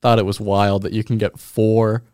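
A young man co-hosting a comedy podcast, rambling through deadpan, absurd jokes in casual chat. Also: lowish voice, normal speed, clean tone, no echo, clean studio sound. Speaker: podcast co-host.

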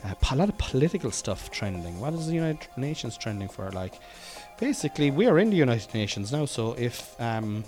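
A man in his forties hosting a casual solo podcast, rambling and joking with swearing and sudden loud bursts. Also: mid-range voice, big pitch swings, fairly quick, few pauses, soft background music. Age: 40s. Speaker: podcast host.

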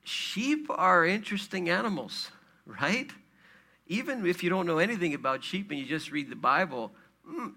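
A man's voice: on the high side, creaky, bright, forceful tone. A man preaching a sermon in a conversational way, with fillers and rhetorical questions. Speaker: pastor.

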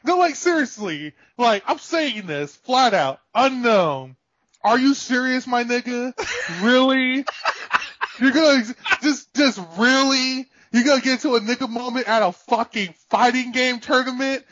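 Brief: man co-host, very high voice, excitable rants, swears a lot, dull lo-fi dry sound. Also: unhurried, no echo. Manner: animated, profane, ranting with laughter. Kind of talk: casual chat.

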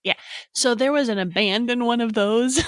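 A woman's voice: a little high, moderate pace, no echo, studio quality. A woman guest-hosting a podcast, playful and laughing through casual banter. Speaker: guest co-host. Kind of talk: casual chat.

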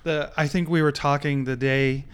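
A man, a podcast guest, telling a story in an animated, casual way. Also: fairly high pitch, moderate pace, a little hiss or hum. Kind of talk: casual conversation.

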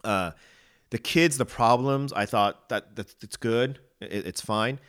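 A man's voice: medium pitch, takes it slowly, a bit bright, smooth. A man co-hosting a podcast in casual chat, opinionated and hesitant, often restarting his sentences. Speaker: podcast co-host.

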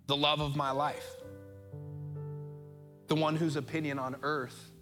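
A middle-aged man with an American accent preaching a sermon as pastor, earnest and openly emotional, slowing right down on key phrases. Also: a little high, flat delivery, over music. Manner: emotional, earnest, speeds up and slows down for emphasis.

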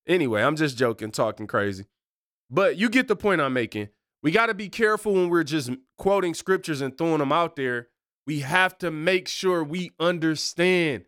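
A man's voice: on the high side, big pitch swings, moderate pace, pushed and bright, no room sound, studio quality. A married man hosting a casual faith podcast, talking in a loose, slangy way and wandering off on tangents. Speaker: podcast host.

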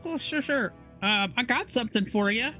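Brief: woman player, slightly high voice, friendly, faint music behind. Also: expressive, moderate pace, sharp tone. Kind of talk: in-character tabletop role-play.

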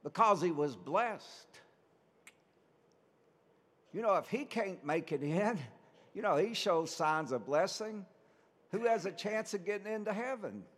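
A man's voice: high-pitched, expressive, measured pace, pauses often, in a large hall. A man, a priest, giving a conversational sermon full of rhetorical questions.

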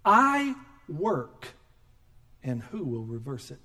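A middle-aged man preaching a sermon as pastor, animated and joking, acting out quoted voices. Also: a little high, takes it slowly.

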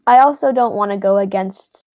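A woman's voice: mid-range voice, a little fast, darkish tone, dry recording. A woman playing in a tabletop game who speaks in a hesitant, earnest way. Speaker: player.

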